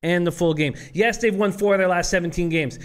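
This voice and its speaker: A man co-hosting a sports betting show, giving his picks and reeling off statistics in a steady, prepared way. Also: sits high, brisk, smooth.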